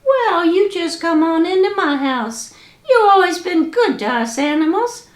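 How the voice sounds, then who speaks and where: A woman's voice: very high-pitched, animated, measured pace, pitched above the performer's own voice. A woman voicing a kindly, helpful male groundhog with folksy reassurance. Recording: echoey room.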